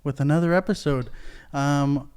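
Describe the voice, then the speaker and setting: A relaxed man co-hosting a chatty podcast, his voice fairly high for a man and clean, smooth and resonant. He talks in an easygoing way, drops the odd swear word and laughs easily. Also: moderate pace. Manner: laid-back, swears casually, laughs often. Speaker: podcast co-host. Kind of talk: casual chat.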